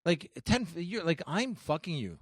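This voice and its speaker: A man co-hosting a podcast, telling stories in rapid, profane casual chat full of "like". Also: fairly high pitch, very animated, slightly rough, no room sound. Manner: rapid, profane storytelling with filler "like". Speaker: podcast co-host.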